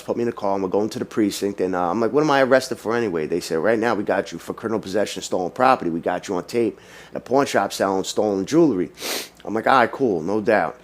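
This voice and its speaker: A young man, casually telling his own story in streetwise slang, full of "you know" fillers. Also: on the low side.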